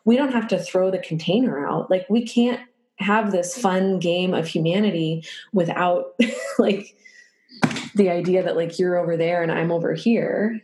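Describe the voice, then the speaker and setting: A woman's voice: on the low side, unhurried, darkish tone. A woman in her thirties, a podcast guest speaking casually with lots of filler words and frequent laughter, recorded in a room at her home. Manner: rambling, filler-heavy, laughs often. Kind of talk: casual conversation. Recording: roomy echo.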